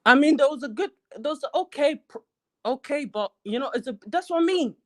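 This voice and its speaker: A man's voice: very high voice, expressive, a little fast, no room sound, rough recording. A man calling in to a fan show, ranting in an agitated, repetitive way. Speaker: caller. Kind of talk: angry fan phone-in rant.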